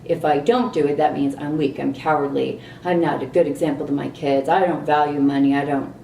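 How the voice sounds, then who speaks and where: A middle-aged woman vlogging a candid personal story, animated and exasperated at times. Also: deep voice, fairly quick, creaky, a little hiss or hum. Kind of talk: personal reflective monologue. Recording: roomy echo, distant mic, faint ambience.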